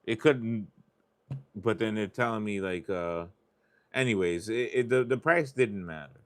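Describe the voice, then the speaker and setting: A man's voice: on the low side, a little slow. A man hosting a live stream, chatting casually in a rambling, confessional way and swearing freely. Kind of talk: casual chat while scratching lottery tickets.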